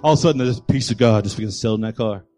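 A man's voice: lowish voice, rapid-fire, music in the background. A man preaching a sermon as pastor, with rising and falling emphasis and acted-out voices.

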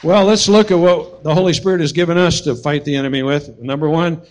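A middle-aged man preaching a sermon as pastor, telling a personal story and swinging from hushed to shouting. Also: fairly high pitch, steady tone, a little fast.

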